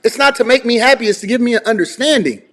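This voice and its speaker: A man with a notably high voice hosts a talk show, pressing his caller with the same question over and over. His speech is slangy and teasing, pushing rather than listening. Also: fast, a bit bright. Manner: needling, repeats questions, slangy. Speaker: podcast host. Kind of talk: teasing call-in banter.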